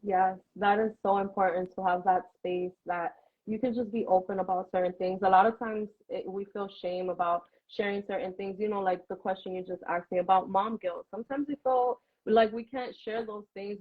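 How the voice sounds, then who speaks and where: A woman's voice: mid-range voice, fairly even intonation, normal speed. Earnest woman guest over a tinny line. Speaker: guest, a mother. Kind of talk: remote interview chat. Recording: tinny phone-like call line.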